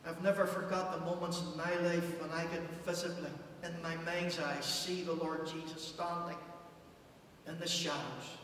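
A male pastor preaching a passionate sermon in a church, surging loud and then falling almost to a hush. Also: fairly high pitch. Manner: impassioned preaching, rising and dropping to near hush. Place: church hall. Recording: echoey church hall, distant mic, faint hum.

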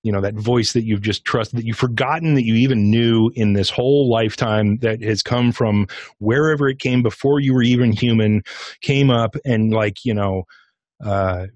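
A middle-aged man, a podcast guest and author, telling a personal experience in a casual, animated way, acting out his own inner dialogue. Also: on the low side, moderate pace, dry recording. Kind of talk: interview storytelling.

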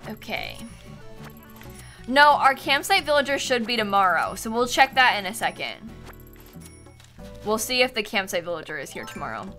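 A woman's voice: fairly high pitch, big pitch swings, normal speed, pauses often, bright, forceful tone. A young woman streaming a game, chatting casually and giggling with her viewers, with music playing behind her. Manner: chatty, giggly, talks to her cat in a sing-song voice. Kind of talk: casual live-stream chat.

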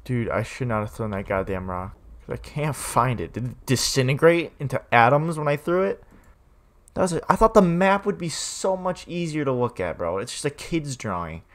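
A young man commenting on a horror game, muttering to himself and then yelling in sudden fright. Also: mid-range voice, expressive, normal speed. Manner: jumpy, swings from muttering to yelling. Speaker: gaming streamer.

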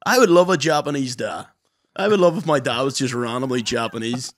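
A man's voice: mid-range voice, fairly quick. A young man co-hosting a podcast in casual, sweary chat, acting out people in his stories. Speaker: podcast co-host.

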